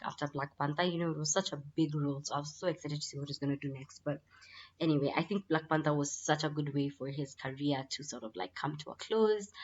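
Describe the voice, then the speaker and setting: A woman's voice: low voice, a bit bright. A woman chatting through a casual monthly update vlog, her voice a bit congested from a lingering cold, repeating words for emphasis. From Kenya. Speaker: vlogger. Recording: slightly dull lo-fi audio.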